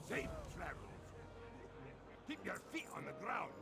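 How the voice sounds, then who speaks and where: An actor playing a gruff dwarf townsman greeting travelers in a game, with a gravelly voice, heard as faint game audio. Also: high-pitched, sing-song, a little slow, loud music behind the voice, exaggerated voice. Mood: hearty.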